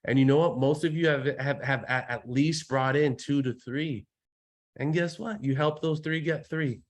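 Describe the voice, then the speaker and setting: A man leading a live online sales training with preacher-like hype, calling out for hallelujahs and breaking into sudden shouts. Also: mid-range voice, normal speed. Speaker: network marketing trainer.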